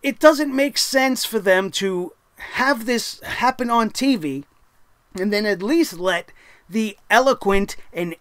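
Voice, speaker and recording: High-voiced fired-up man ranting. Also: fairly bright tone, dry recording. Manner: fired-up, sarcastic, rhetorical questions, swears. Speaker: wrestling show reviewer. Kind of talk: ranting show review.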